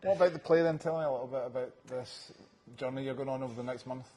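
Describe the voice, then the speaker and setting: A man's voice: medium pitch, fast, dark tone, rough recording. A man interviewing a guest, asking loose questions and nodding along with short agreements. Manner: frequent short agreeing "yeah" backchannels.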